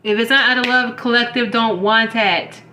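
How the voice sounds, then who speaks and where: A woman's voice: on the high side, fairly even intonation, normal speed, pushed and bright, reverberant, a little hiss or hum. A woman giving an intuitive reading to her viewers in a blunt, heated lecture full of swearing. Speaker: spiritual reader.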